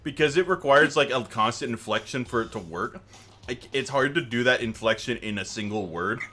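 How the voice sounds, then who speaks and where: A man streaming live, chatting casually in an animated, exasperated way with frequent laughs. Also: mid-range voice, brisk.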